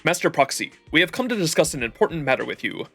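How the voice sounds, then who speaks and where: A man's voice: a little high, big pitch swings, fast, gravelly, fairly bright tone, slightly rough, faint music behind, full character voice. A man reading the lines of a polite, formal wolf-man butler from a game, in a courteous way.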